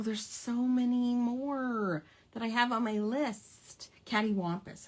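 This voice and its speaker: A woman's voice: fairly high pitch, unhurried, a little hiss or hum. A woman hosting a casual craft hangout, chatty and playful, savoring quirky old words with giggles. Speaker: craft livestream host.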